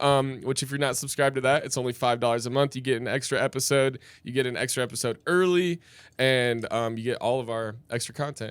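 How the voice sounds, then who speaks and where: A man's voice: mid-range voice, clean tone, dry recording. A man co-hosting a podcast from inside a bar, chatting casually, laughing often and acting out what customers said. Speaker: podcast co-host. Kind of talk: casual chat, telling bar stories.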